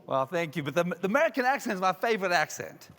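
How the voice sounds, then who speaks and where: High-voiced South African man in a hall. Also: fast. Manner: energetic, repetitive, jokey. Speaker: keynote speaker. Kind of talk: motivational conference talk. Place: large resort conference hall. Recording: reverberant hall.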